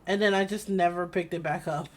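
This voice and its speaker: A woman's voice: lowish voice, fairly even intonation, a little fast, slight background noise. A woman streaming a game, chatting casually, rambling through stories and laughing often.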